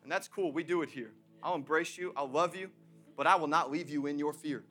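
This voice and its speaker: A young adult man preaching a sermon as pastor, swinging between shouted emphasis and joking asides. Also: a little high, fairly quick, soft background music.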